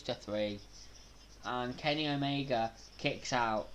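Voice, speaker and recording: A man from Manchester with a Mancunian accent, hosting a live watch-along stream, reacting with loud gasps and chatting casually with viewers. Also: fairly low pitch, normal speed, long pauses. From Manchester, England. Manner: excitable, bursts into loud gasps during big moves, casual with chat.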